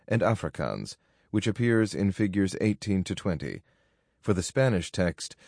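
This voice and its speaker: Man, low pitch, dry studio sound, measured formal nonfiction narration. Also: darkish tone, no room sound. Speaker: audiobook narrator. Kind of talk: scripted narration of a nonfiction book.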